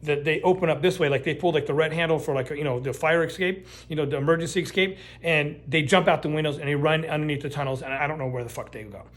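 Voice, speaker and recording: A middle-aged man telling a true story in a casual, animated way, swearing often and restarting his sentences. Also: a little high, quick pace, few pauses. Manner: animated, profane, lots of restarts and fillers.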